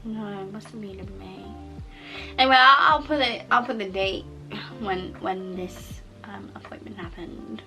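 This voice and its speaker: A woman tells her personal story to camera in a slow, unhurried way, and the mouth cover plate she wears alters her speech. Her voice is bright and somewhat high, and she animates the telling by acting out her own reactions. Soft music plays faintly behind her. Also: poor audio. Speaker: vlogger sharing a personal testimony.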